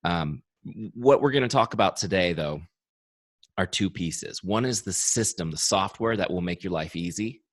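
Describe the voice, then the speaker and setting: Upbeat low-voiced man leading a training call. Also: animated, moderate pace, no room sound. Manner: enthusiastic, conversational, repeats key phrases. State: early morning voice. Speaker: software founder teaching a training call.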